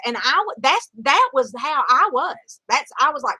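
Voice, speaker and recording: A middle-aged woman rambles through a casual story, full of fillers and restarts. Her voice sits a little high and sounds bright. The recording is dry and close, with no room sound. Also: sing-song, moderate pace, few pauses, no echo, low-quality recording. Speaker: vlogger.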